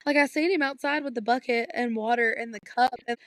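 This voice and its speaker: A woman's voice: fairly high pitch, fairly quick, fairly bright tone, no echo. A woman, co-hosting a podcast in casual chat and laughing all through her story. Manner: laughs constantly while telling a story. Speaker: podcast co-host.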